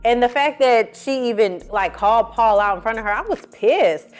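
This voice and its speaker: A woman's voice: on the high side, moderate pace. A woman doing a casual recap of a reality show, sassy and profane, telling it with lots of attitude. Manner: sassy, profane, animated storytelling. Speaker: film and TV reviewer.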